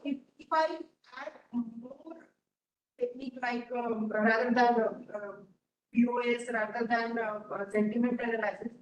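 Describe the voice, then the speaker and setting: A woman student asking a question in a lecture, hesitant and searching for words. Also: a little high. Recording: distant, echoey, dull room mic.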